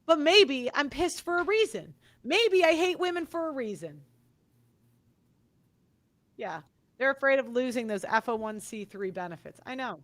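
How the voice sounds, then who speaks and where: High, bright-voiced woman ranting. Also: animated, normal speed, long pauses. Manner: swearing, ranting, repeats herself. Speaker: podcast host. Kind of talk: angry monologue.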